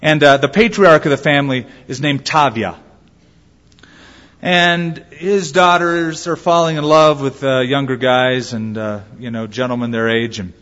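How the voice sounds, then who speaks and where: A man's voice: mid-range voice, fairly bright tone. A man preaching a sermon as a pastor, acting out quoted voices as he goes. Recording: lo-fi with long hall reverb.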